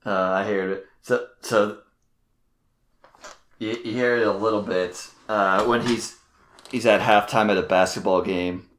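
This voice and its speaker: A man's voice: lowish voice, fairly even intonation, a little slow, pauses often, fairly bright tone, slight background noise. A man co-hosting a casual sports podcast, talking in a rambling way with many fillers. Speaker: podcast co-host.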